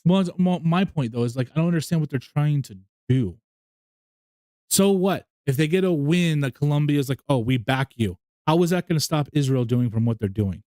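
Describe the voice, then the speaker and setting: A man co-hosting a podcast in casual chat, halting and repeating himself as he argues his point. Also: on the high side, expressive, warm tone, no room sound, studio quality. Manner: halting, repeats words, argumentative. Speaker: podcast co-host.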